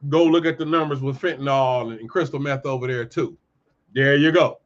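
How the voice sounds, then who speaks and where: A man hosting a casual commentary monologue, heated and ranting, jumping from loud outbursts to low muttering. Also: fairly even intonation, a little fast. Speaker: commentary host. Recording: dull lo-fi audio.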